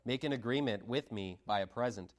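A man preaching a sermon, reading scripture aloud and stressing points with sharp rises in pitch and volume. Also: brisk. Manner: emphatic, dynamic pitch swings, reads scripture aloud.

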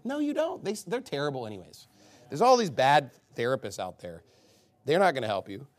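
A man preaching a sermon as a pastor, blunt and scolding, swinging between loud emphasis and low asides. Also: big pitch swings, a little fast.

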